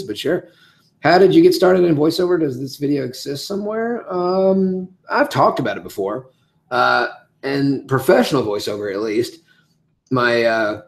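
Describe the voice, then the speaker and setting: A man hosts a casual livestream, answering viewer comments in a loose, rambling way. His voice sits at a middle pitch but swings up high and loud when he gets excited. He sounds like a voice actor talking plainly to his audience. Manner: rambling, animated, big swings of pitch and loudness. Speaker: voice actor hosting a live Q&A.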